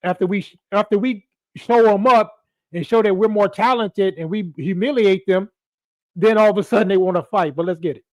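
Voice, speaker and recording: A man's voice: high voice, normal speed, no room sound. A man hosting a podcast in loose, casual commentary, talking straight to his viewers and leaning on filler phrases. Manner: loose, talks back to viewers, leans on "you know". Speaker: podcast host.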